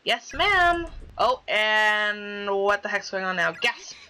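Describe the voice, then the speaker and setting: A woman's voice: medium pitch, steady tone, slow pace, sharp tone, clean tone, rough recording. A young woman playing a game and reading its dialogue aloud, chatty and dramatic, swearing casually as she reacts. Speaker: gaming YouTuber.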